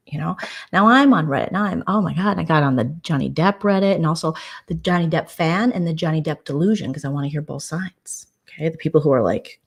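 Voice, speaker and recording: Rambling, low-voiced woman vlogger. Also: brisk, gravelly, breathy edge. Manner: rambling, chatty, many fillers and restarts. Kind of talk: casual late-night chat.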